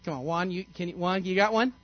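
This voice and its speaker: A man's voice: high-pitched, quick pace, highs cut off. A man, a pastor, giving an interactive sermon in a conversational, playful way and quizzing the congregation. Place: church sanctuary.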